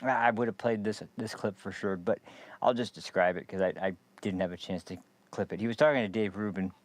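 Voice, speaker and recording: A man's voice: fairly low pitch, fairly even intonation, a little fast, no echo. A man hosting a political commentary show, rambling and sarcastic with many fillers and restarts. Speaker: podcast host.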